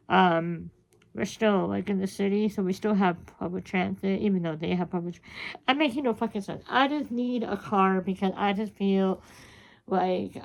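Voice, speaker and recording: Woman, thirties, vlogger; gravelly, rambling, frustrated, cusses often. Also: mid-range voice, a little mellow, lo-fi sound. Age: 30s. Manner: rambling, frustrated, swears freely. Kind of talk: casual diary-style chat.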